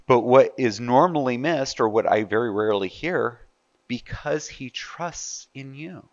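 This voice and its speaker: A man's voice: medium pitch, animated, a little slow, no room sound, dull audio. A man preaching a sermon in a conversational way, asking his listeners rhetorical questions. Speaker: pastor.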